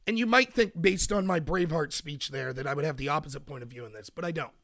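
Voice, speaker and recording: An American man hosts a political commentary show as a podcast host, ranting emphatically and responding to his chat. His voice sits on the high side, a bit bright, and he talks at a quick pace.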